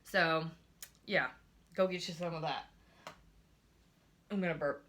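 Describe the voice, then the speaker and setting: A woman's voice: sits low, a little slow, fairly bright tone. A young woman chatting casually into her phone camera at home, reviewing beauty products with lots of gushing and filler words. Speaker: beauty vlogger.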